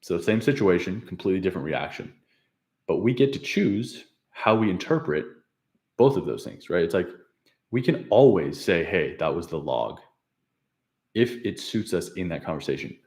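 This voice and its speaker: Rambling low-voiced man coach. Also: very animated, normal speed, darkish tone. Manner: rambling, self-correcting, laughs at himself. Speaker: habit coach. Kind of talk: casual unscripted vlog recap.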